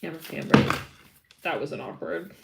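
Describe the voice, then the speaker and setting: A woman's voice: deep voice, normal speed, vocal fry, very noisy. A woman doing a live tarot reading, chatty and giggly and rambling with many fillers. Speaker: tarot reader.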